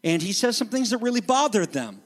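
A man with a notably high voice preaches from the pulpit. His delivery is emphatic and dramatic, and he teaches the text closely. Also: sing-song, fairly quick. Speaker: pastor. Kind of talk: expository sermon.

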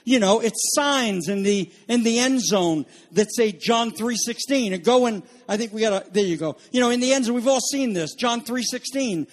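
A man preaching an urgent sermon, swinging between loud pressing warnings and low quiet passages, repeating phrases and asking his listeners questions. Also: moderate pace, hardly any pauses. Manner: repeats phrases for emphasis and asks the audience questions.

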